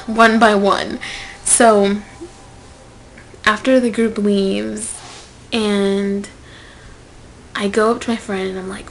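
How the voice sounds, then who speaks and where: Young woman vlogging, telling a story, gets loud then whispers, voice a bit high, faint hiss behind. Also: slow, pauses often, low-quality recording. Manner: animated, swings between loud outbursts and whispered asides. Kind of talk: casual storytelling to camera.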